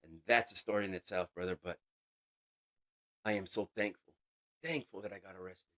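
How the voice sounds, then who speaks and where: A man giving an emotional personal testimony as an interview guest, halting and casual, with street slang. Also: sits low, fairly even intonation, a bit bright. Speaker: interview guest sharing a recovery story.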